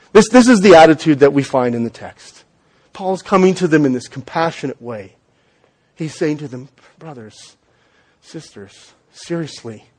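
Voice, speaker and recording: A man's voice: fairly high pitch, darkish tone. A young man, a pastor, preaching a conversational sermon to his church, restarting phrases and adding light joking asides.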